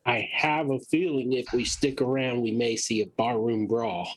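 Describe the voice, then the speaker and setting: A man's voice: medium pitch, steady tone, normal speed, breathy edge, poor audio. A man playing in a tabletop game, speaking plainly and easily. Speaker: player. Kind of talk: casual tabletop play.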